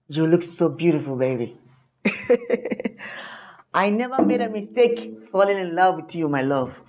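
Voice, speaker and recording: A Nigerian actor playing a broke, lovesick young boyfriend who begs and pleads melodramatically in a comic film. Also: male voice, high-pitched, a little hiss or hum, heavily acted. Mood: tender.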